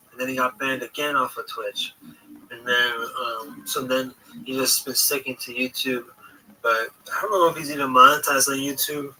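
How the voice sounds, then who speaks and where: A man hosts a livestream chat, winding through a story with frequent restarts and fillers. His voice is very bright. He sits some way from a distant mic with faint noise behind. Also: medium pitch, fairly even intonation, normal speed, breathy edge. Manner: rambling, hesitant, many restarts. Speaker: livestream host.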